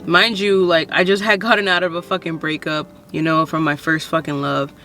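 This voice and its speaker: Bright-voiced woman telling a frank story. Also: deep voice, steady tone, a little fast. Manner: frank, heavy swearing, lots of "like" and "you know". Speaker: vlogger. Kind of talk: casual personal storytelling.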